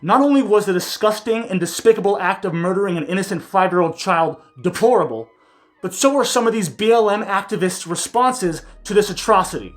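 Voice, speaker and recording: A man hosting a commentary vlog, talking with raw anger and swearing, his voice dropping low when upset. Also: animated, brisk, faint music behind. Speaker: political commentary vlogger.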